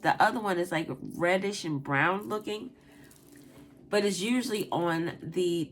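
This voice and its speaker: A woman's voice: fairly low pitch, a little hiss or hum. A woman doing a tarot reading, who first tells a casual story with lots of swearing and laughter. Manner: animated, profane, laughs while telling a story. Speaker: tarot reader.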